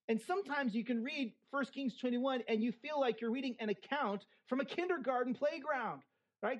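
Conversational preacher with quick asides. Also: medium pitch, darkish tone. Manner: conversational, with frequent "right?" asides; humorous modern asides. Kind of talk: expository sermon with scripture reading.

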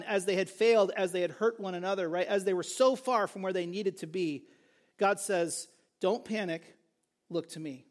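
A male pastor preaching a sermon, earnest and emphatic, repeating key phrases for stress. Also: high voice.

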